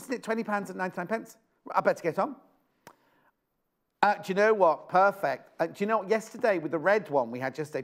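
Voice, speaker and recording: British TV shopping host, lively up-and-down delivery, chatty, keeps repeating himself. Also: male voice, sits high. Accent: British English. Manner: chatty, exclamatory, repeats prices and phrases. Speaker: shopping channel presenter. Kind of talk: live TV sales presentation.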